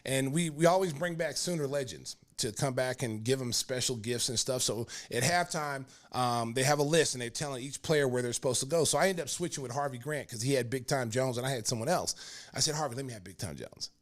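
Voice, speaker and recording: A man in his fifties from Oklahoma, hosting a podcast and telling a story in a rambling, animated way, full of fillers and restarts. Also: medium pitch, brisk. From Oklahoma, United States. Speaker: podcast host. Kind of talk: casual storytelling.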